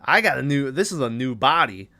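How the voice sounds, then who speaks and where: A man's voice: medium pitch, sing-song, fairly quick, pushed and bright. A man doing a plotting killer doll. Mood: scheming. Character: scheming killer doll, male.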